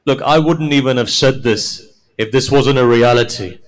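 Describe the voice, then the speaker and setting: Man, preacher, mourning sermon, storytelling with quoted dialogue, climbs to loud wailing grief, middle pitch. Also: moderate pace, poor audio. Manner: builds from soft storytelling to high, loud, wailing climax; quotes figures in dialogue while narrating. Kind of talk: Muharram sermon, mourning narration.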